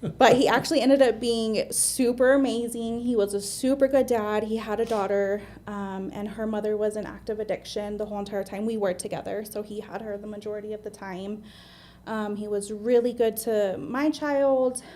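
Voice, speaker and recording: A woman's voice: medium pitch, fairly even intonation, moderate pace, a little mellow. Earnest American woman telling her story. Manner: earnest, open, many fillers and restarts. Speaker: guest, admissions medical assistant. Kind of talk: candid interview storytelling.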